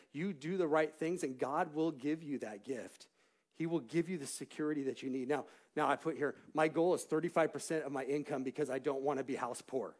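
A middle-aged man preaching a church sermon, telling personal stories in an animated way that rises into shouts of praise. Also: fairly high pitch. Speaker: pastor. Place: church sanctuary.

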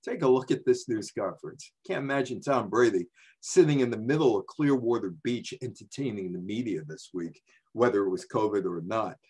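A man's voice: fairly low pitch, lively intonation, a little fast, darkish tone, husky. A man in his seventies from the New York area, a journalist telling sports history in a chatty, digressive way. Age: 70s. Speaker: sports journalist giving a talk. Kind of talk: casual storytelling talk.

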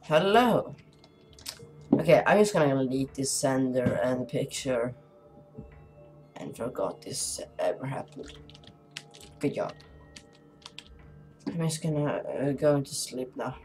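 A woman's voice: rumbling low, expressive, slow pace, long pauses, over music. A woman giving casual commentary while playing a horror game, chatty and talking to her viewers, jumpy and easily startled, with nervous laughter.

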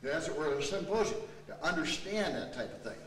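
A man with a high-side, somewhat bright and very animated voice teaches a martial arts seminar at normal speed, coaching students while demonstrating technique. He is recorded in a training hall by a distant camera mic, and the sound is echoey and noisy.

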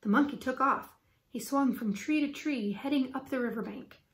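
A woman reading a children's chapter book aloud for students, with clear and expressive storytelling. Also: high voice, normal speed.

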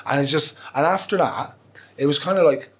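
A man's voice: on the high side, fairly quick. Blunt, rambling man in his forties. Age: 40s. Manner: candid, blunt and profane, rambling with restarts. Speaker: podcast guest. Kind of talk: casual interview storytelling.

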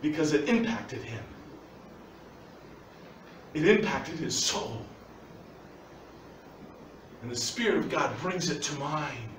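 A man preaching a sermon as pastor, animated and emphatic, laughing now and then. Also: a little high, slow, long pauses, slight background noise. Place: church sanctuary. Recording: echoey church from far off.

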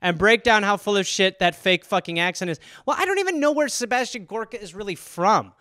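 A man hosting a podcast, riffing casually and profanely, rambling through stories and dropping into quick impressions. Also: sits high, expressive, bright, forceful tone, no room sound, studio quality. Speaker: podcast host. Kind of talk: casual solo comedic riffing.

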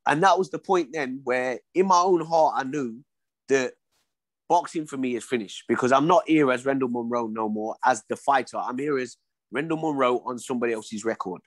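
A man's voice: mid-range voice, moderate pace, no room sound. A man, a former boxer telling stories in a casual interview, acting out the dialogue as he goes. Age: 40s. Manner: animated storyteller, acts out dialogue.

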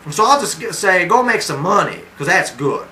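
A stingy, self-satisfied oil tycoon, played by a man for a comic video, boasts and rambles, losing his place in his own sentences. His voice sits a little high and sounds bright and tense. Faint background noise sits behind him. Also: sing-song, normal speed, full character voice. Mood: rambling boastful. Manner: rambling, trips over his own words. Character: boastful cheapskate rich Texan oilman.

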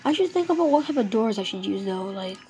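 A woman giving casual, excitable commentary while she plays a game, talking to herself. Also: medium pitch, quick pace, faint music behind. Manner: chatty, excitable, talks to herself. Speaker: gamer.

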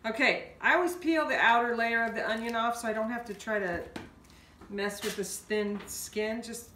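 A woman's voice: medium pitch, fairly bright tone, a little hiss or hum. Chatty woman host in an echoey kitchen. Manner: chatty, folksy, talks through each step. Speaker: home cooking show host. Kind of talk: casual cooking demonstration. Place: home kitchen. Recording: echoey kitchen, mic a bit far off.

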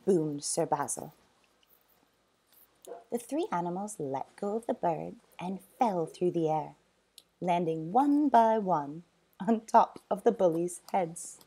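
A woman reads a children's storybook aloud at an unhurried pace. Her pitch swoops up and down as she performs the story, and she punches out loud sound effects. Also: lively intonation, breathy edge.

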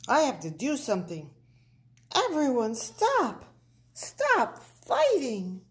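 A woman's voice: medium pitch, very animated, slow, a little mellow. A woman voicing a young male prairie dog in a storybook, earnest and pleading with his friends. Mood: urgent. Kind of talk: storybook read-aloud.

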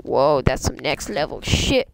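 A woman doing live gameplay commentary, goofy and excitable, often squealing and laughing at her own jokes. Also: rumbling low, unhurried, creaky, slight background noise. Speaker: game streamer.

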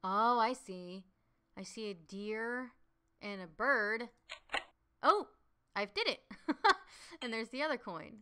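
Slow-talking woman narrating a game. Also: on the high side, lively intonation, sharp tone, clear, resonant tone. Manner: chatty, reacting aloud with frequent gasps and exclamations. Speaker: voice-over artist playing a puzzle game. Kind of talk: let's-play commentary. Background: game music.

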